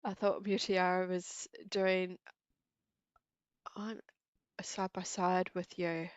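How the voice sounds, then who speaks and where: A woman with a New Zealand accent hosts a craft livestream, chatting casually and giggling with viewers through an earpiece and desk mic. Her voice is on the low side, level, slow, clear and resonant. There's no echo, though the recording sounds muffled.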